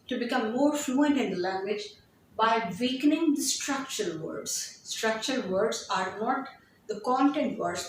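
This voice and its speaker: A woman teaching an English lesson, repeating example sentences slowly and often restarting. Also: fairly high pitch, a little hiss or hum. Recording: very echoey room, distant from mic.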